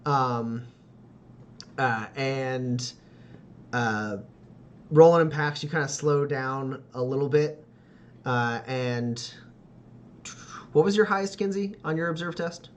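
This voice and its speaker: A man's voice: mid-range voice, slow pace, pauses often. A man narrating a tabletop role-playing game as game master, rambling with lots of "like" and "uh" and laughing often.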